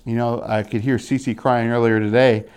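A young man preaching a sermon in an animated way, acting out the voices of the people he quotes. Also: mid-range voice, moderate pace, clean tone.

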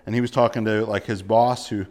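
A man's voice: on the low side, fairly even intonation, a little fast, darkish tone. A male pastor delivering a sermon emphatically, full of rhetorical questions and repeated words.

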